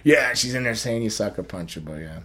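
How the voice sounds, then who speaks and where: A man's voice: fairly low pitch, expressive, brisk, pushed and bright. A man hosting a podcast, telling stories in a rambling, casual way with many restarts and laughs. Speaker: podcast host. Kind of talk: casual storytelling chat.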